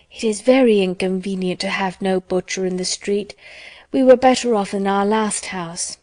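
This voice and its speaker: A woman's voice: mid-range voice, darkish tone, no echo, natural voice. A woman voicing an anxious, fussy middle-aged mother in an audiobook, chattering on in worry. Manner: fretful, chattering.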